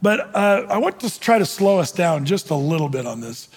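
A pastor with a high-pitched, husky, sing-song voice preaches briskly and conversationally, tossing questions to the congregation amid frequent ums and uhs. His words trail off into the hall's long reverb.

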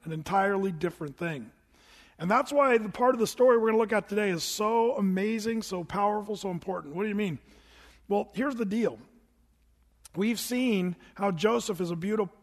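A man preaching a sermon as pastor, animated and acting out voices with big pitch jumps. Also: normal speed, long reverb tail.

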